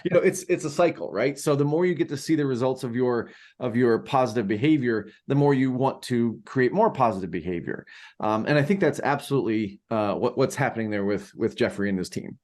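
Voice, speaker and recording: A man's voice: mid-range voice, fairly quick, a little mellow. A man co-hosting a podcast in casual chat, rambling with many fillers and restarts. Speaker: podcast co-host.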